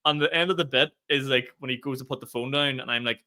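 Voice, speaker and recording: A man co-hosts a casual comedy podcast, telling stories in an animated, sweary way. His voice is bright and forceful, with a touch of huskiness from feeling a bit under the weather. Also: mid-range voice, quick pace, hardly any pauses. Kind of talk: casual chat.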